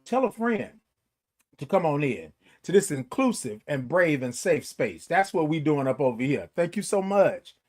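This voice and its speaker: Drawn-out, sung greetings open this casual chat from the host of a morning livestream show. He has a high, lively voice and an animated manner, crooning snatches of song to his live viewers.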